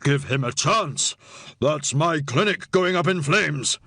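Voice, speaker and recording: A man voicing a furious middle-aged man in an audiobook, gravelly and accusing in a dry studio recording. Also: a little high, big pitch swings, a little slow, dry recording, heavily acted. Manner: furious, disbelieving shouting.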